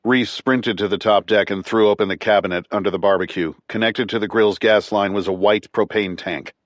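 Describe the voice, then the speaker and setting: A man narrating a thriller audiobook in a tight, clipped, measured way. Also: on the low side, steady tone, no room sound.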